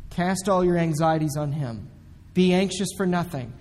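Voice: mid-range voice, moderate pace, darkish tone. A pastor preaching a sermon with emphasis, repeating the key commands again and again. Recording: long echoey hall reverb.

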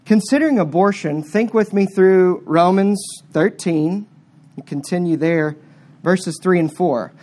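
An emphatic preacher delivering a sermon at a middle pitch. The delivery swings sharply between hard-stressed words and quiet asides. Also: unhurried.

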